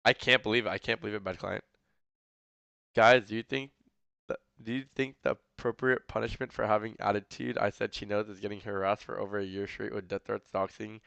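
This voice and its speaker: A male streamer reacting live in a rambling, incredulous way, padded with fillers. His voice is bright and smooth with a slight lisp. The sound is dry and close. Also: on the low side, fairly even intonation, brisk, no echo, lo-fi sound.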